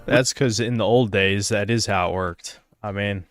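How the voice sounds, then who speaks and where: A man's voice: lowish voice, fairly even intonation, normal speed, faint music behind. A man streaming a game and talking casually, muttering offhand remarks to himself.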